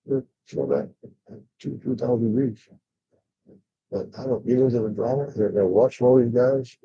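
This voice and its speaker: Rambling older man, dark muffled voice. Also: fairly low pitch, husky, no echo. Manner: rambling, frequent fillers and restarts, blunt. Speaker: vlogger. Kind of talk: rambling livestream chat. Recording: dull lo-fi sound.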